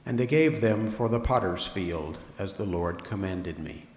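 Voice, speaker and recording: A man's voice: low voice, a little slow. Man, emphatic liturgical reader, declaiming, echoey hall. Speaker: reader of speaking parts in a scripture reading. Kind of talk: dramatized liturgical reading. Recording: echoey hall, long reverb.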